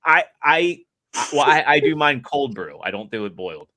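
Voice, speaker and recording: A man co-hosting a casual podcast, explaining things in a relaxed, chatty way. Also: mid-range voice, normal speed. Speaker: co-host.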